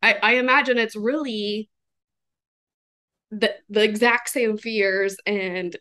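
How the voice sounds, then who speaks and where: A woman's voice: mid-range voice, fairly even intonation, slow, pushed and bright. A woman hosting a podcast interview, talking thoughtfully in a casual way with fillers and small laughs. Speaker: podcast host.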